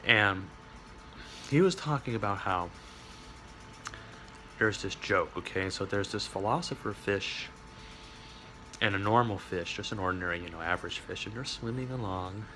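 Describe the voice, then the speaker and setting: A man's voice: fairly low pitch, normal speed, pauses often, bright, forceful tone, slight background noise. A man rambling through a wry, digressive monologue, full of asides and chuckles. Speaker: vlogger.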